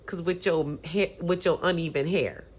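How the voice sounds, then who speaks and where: A woman's voice: fairly low pitch, moderate pace, slightly rough. Sassy woman ranting about sports. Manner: sassy, animated, petty trash talk. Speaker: vlogger. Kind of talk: opinionated sports commentary vlog.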